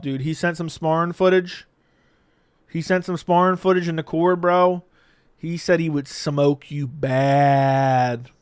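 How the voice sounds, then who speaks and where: A man's voice: a little high, smooth, dry recording, clean studio sound. A man hosting a live MMA stream, reading viewer messages and joking with his chat, laughing often. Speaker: MMA livestream host. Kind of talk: casual livestream chat reading viewer comments.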